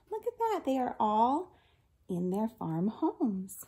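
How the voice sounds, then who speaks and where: A woman reads a picture book to young children, taking her time and stretching the words. Her voice sits a bit high and swoops widely as she acts out the story. Now and then she drops to a soft whisper to ask the kids what comes next. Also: takes it slowly. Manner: animated and expressive, asks the listeners questions, drops to a whisper at times.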